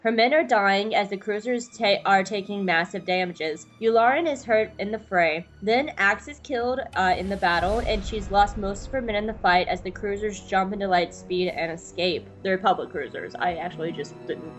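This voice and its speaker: A woman's voice: mid-range voice, normal speed, few pauses, highs cut off. A woman co-hosting a podcast, chatting casually and reading episode recaps. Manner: chatty, filler-heavy, reads summaries. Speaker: podcast co-host.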